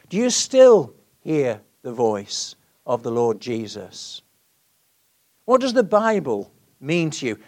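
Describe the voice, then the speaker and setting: This is a man in his sixties preaching a sermon. His voice sits a little higher than most men's, and he swings between loud, emphatic lines and hushed, searching questions. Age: 60s.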